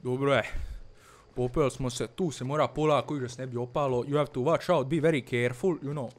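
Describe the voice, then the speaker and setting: A man's voice: mid-range voice, fairly even intonation, fast talker. A man doing comedic let's-play commentary, mixing broken English with his own language, swearing and muttering nervously as he plays. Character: fearless-boasting Balkan village man persona. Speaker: gaming channel host.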